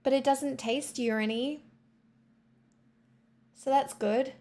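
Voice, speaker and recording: Playful high-voiced woman streamer. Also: steady tone, slow, dark tone. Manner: sarcastic, playful and joking. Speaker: livestream host. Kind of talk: casual live-stream chat.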